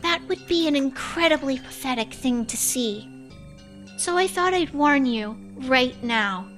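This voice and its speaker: A woman's voice: high-pitched, lively intonation, fairly bright tone, soft background music. A woman voicing an eerie, cold little girl. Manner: cold, measured, indifferent delivery. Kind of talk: voicing a visual novel character.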